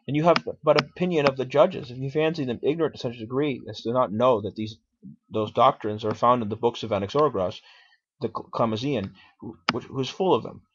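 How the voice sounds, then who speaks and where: A man's voice: mid-range voice, noisy background, lightly acted. A man voicing an aged male philosopher defending himself in court, arguing and questioning in a dramatic reading on a dull lo-fi recording. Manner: argumentative, questioning.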